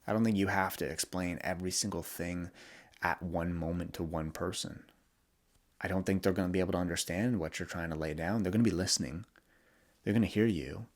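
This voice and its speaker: A young man hosting a podcast, talking candidly and vulnerably in a reflective monologue, often halting and restarting. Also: low-pitched, fairly even intonation. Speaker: podcast host.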